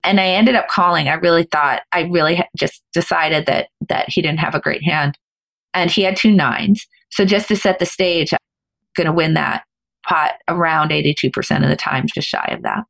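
A middle-aged woman, a podcast guest, telling a story in an animated, fast-flowing way with frequent restarts. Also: low voice, creaky. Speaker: guest, former professional poker player.

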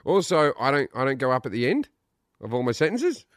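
A man's voice: medium pitch, sing-song, a little fast, no echo, studio quality. Blunt Australian man telling stories. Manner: blunt, joking storyteller with frequent swearing. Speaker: comedian guest. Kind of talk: candid interview chat.

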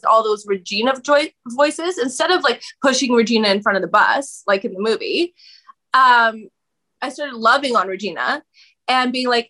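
A woman speaking as a podcast guest, her voice bright and sitting a little high. She talks in animated, expressive bursts. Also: unhurried. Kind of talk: candid conversational interview.

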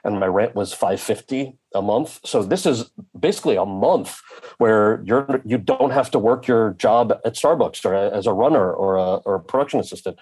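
A man speaking as an actor and guest, telling a candid story in conversation, lively, slipping into the voices of the people he quotes. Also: lowish voice, moderate pace, breathy edge. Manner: animated storyteller who acts out quoted voices.

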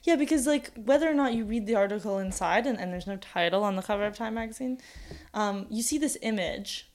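A young woman in casual conversation, talking things through out loud with lots of fillers and restarts. Her voice sits at an ordinary middle pitch for a woman, easygoing and conversational. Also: fairly quick. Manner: chatty, thinks aloud with many fillers. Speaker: podcast co-host.

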